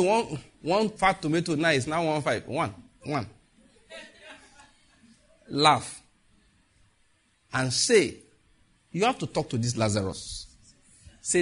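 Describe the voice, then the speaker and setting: Nigerian preacher with a husky voice. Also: male voice, medium pitch. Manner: animated, swings from shouted warnings to slow solemn prayer; Pidgin asides. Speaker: pastor. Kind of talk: sermon.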